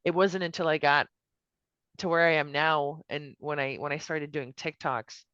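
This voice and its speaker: A woman's voice: sits low, fairly even intonation, moderate pace, fairly bright tone, smooth. An upbeat woman chats as a podcast guest, restarting her sentences and tossing in casual slang. Her voice comes through a little dull and muffled. The sound is dry, with no room echo. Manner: upbeat, restarts a lot, says "dude" and "oh my gosh". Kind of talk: casual chat.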